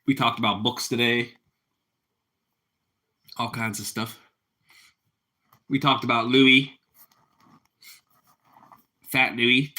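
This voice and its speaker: A man hosting a relaxed live stream, talking in a loose, rambling way to his audience. His voice has a bright, forward edge at an ordinary pitch. He drifts easily from one small remark to the next. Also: takes it slowly, pauses often. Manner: relaxed, rambling, chats with viewers and his cat. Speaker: livestream host. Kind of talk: casual live-stream chat.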